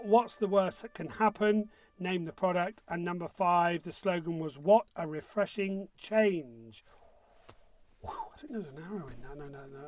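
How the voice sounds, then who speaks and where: A man hosting an online pub quiz in a chatty, jokey way, reading out answers and team scores. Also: sits high. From northern England. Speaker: quiz host.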